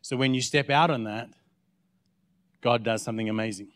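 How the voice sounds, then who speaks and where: A man's voice: mid-range voice, steady tone, normal speed, a bit bright, no echo, clean studio sound. A man with an Australian accent, a guest pastor preaching a sermon in church, telling a story and acting out both sides of the conversations.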